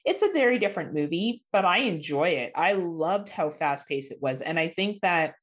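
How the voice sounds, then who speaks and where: Lower-voiced woman, swearing podcast co-host. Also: lively intonation, normal speed. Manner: loose, swears freely, laughs often. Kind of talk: casual chat.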